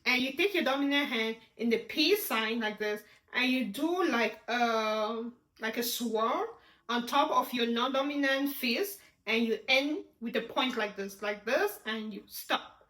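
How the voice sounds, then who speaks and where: A young woman leads a beginner sign language lesson in a high, bright voice. She talks slowly and carefully and repeats each word before walking through the handshape. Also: echoey room.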